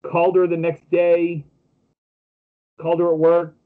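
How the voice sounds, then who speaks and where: A man's voice: a little high, monotone, a little slow, phone-quality sound. A man co-hosting a casual podcast, telling jokey stories with lots of fillers and restarts. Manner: joking storyteller with many fillers. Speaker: podcast co-host.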